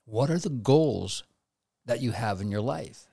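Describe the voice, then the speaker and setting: A man's voice: mid-range voice, expressive, measured pace, vocal fry, mellow, breathy edge, dry recording, clean studio sound. A man giving a conversational devotional talk, now and then acting out quoted inner voices. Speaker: preacher.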